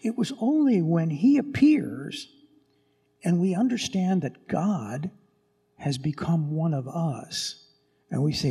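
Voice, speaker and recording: Priest preaching christmas eve, gravelly husky voice, slow, big echoey church. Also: male voice, fairly high pitch. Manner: animated, dramatic, storytelling. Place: large church. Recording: echoey church with long reverb.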